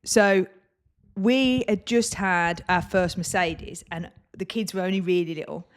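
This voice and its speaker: A woman's voice: lowish voice, a little slow. A woman co-hosting a podcast, telling stories in a casual chat and acting out the voices of the people in them. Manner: animated, acts out quoted voices in her stories. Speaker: podcast co-host. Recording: echoey room.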